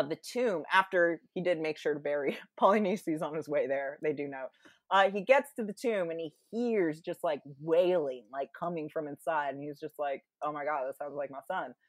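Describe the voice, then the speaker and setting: A woman's voice: deep voice, no room sound. A young woman retelling a Greek tragedy in a casual, chatty way, with lots of fillers and little acted-out quotes.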